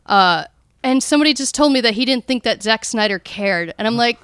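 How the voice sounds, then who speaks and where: A woman's voice: fairly high pitch, animated, a little fast, fairly bright tone, clean tone, dry recording, clean studio sound. A woman co-hosting a podcast, talking casually and giving emphatic opinions. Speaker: podcast co-host.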